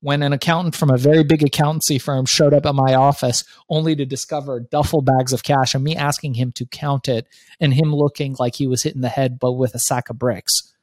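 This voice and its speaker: A man in his fifties, an author and guest, telling his story in an animated, profane way. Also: mid-range voice, a little fast, no echo. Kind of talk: storytelling interview.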